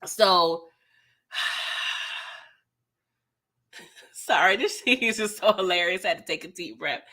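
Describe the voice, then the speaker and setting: A young woman hosting a live TV episode recap, animated and slangy, laughing often as she reacts. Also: lowish voice, slow. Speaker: TV recap host.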